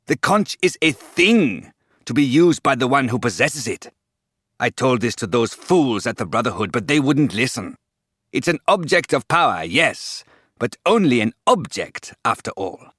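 A man's voice: mid-range voice, very animated, a bit bright, dry recording, clean studio sound. A man voicing a gloating giant serpent. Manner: slow taunting hiss. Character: menacing giant male serpent, gloating and cruel.

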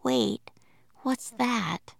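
A woman's voice: on the high side, extremely slow, gravelly, dry recording, studio quality, pitched above the performer's own voice, exaggerated voice. A woman voicing a bold, eager young girl in a storybook reading, with breathless, urgent lines. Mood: curious.

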